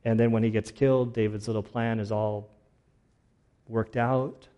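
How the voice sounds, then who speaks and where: A man preaching a casual, conversational sermon, relaxed and chatty, often saying "like" and restarting phrases. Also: on the low side, moderate pace, dull audio. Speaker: pastor.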